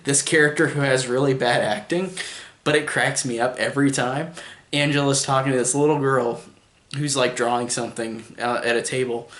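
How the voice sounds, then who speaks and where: A man talks through a movie review in a loose, rambling way, filling his sentences with "like" and restarting them. His voice sits at an ordinary middle pitch. The room around him is roomy and echoing. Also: steady tone, moderate pace, a bit bright. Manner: rambling, full of "like" and restarts, chuckling. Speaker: film reviewer. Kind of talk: casual spoken movie review. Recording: echoey room.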